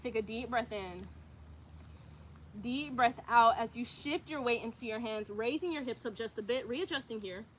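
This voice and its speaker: A woman's voice: a little high, moderate pace, a little hiss or hum. A woman guiding a yoga class, cueing breaths and poses while doing them herself, a little out of breath, encouraging and casual. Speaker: yoga instructor.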